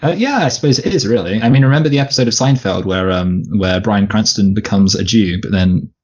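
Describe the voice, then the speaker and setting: A man's voice: on the low side, a little fast, dull audio. A man co-hosting a casual movie review chat, stammering through restarts and teasing his partner. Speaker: movie review podcast co-host.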